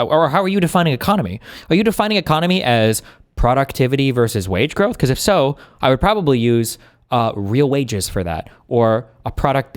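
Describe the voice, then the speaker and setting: Sarcastic streamer man with a lively voice. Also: mid-range voice. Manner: sarcastic, exasperated, quick rebuttals. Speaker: streamer reacting to clips. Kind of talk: live-stream reaction commentary.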